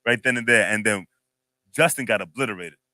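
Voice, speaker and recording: A man co-hosting a podcast, telling a story in a loose, animated, slangy way with lots of laughs. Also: lowish voice, brisk, dry recording. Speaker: podcast co-host. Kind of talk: casual chat, storytelling.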